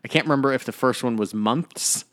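A man's voice: medium pitch, a little fast, a bit bright. A man co-hosting a comedy podcast, chatting casually with a wry, teasing manner. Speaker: podcast co-host.

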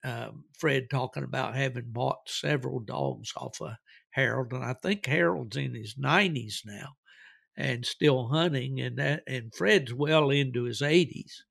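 A man hosts a podcast, spinning rambling, folksy stories and chuckling as he goes. His voice is gravelly and sits at an ordinary pitch. It is recorded close and dry. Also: a little slow, a bit bright, dry recording. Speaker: podcast host. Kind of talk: casual storytelling.

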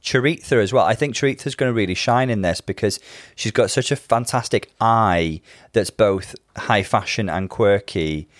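Low-voiced man in casual chat. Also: moderate pace, no room sound, studio quality. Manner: chatty, with frequent fillers and asides. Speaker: podcast co-host.

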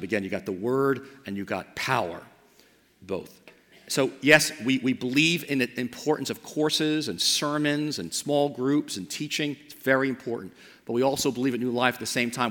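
A man preaching a sermon as pastor of his church. He builds to emphatic repeated lines, then drops to a soft, slow invitation. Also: medium pitch. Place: church sanctuary. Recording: long church hall reverb.

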